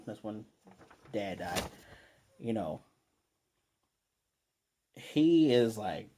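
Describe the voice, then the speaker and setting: A man's voice: fairly low pitch, sing-song, slow pace, long pauses, background noise. A man casually recapping an anime episode, retelling the scenes loosely and quoting characters as he goes. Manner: loose retelling with quoted lines and restarts. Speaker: anime reviewer.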